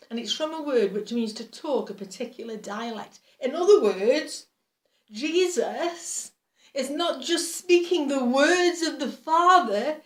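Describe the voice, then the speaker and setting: A woman pastor teaching a Bible study with enthusiasm, sometimes tripping over her words. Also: mid-range voice. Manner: enthusiastic, stumbles over words when excited. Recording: roomy, distant from the mic.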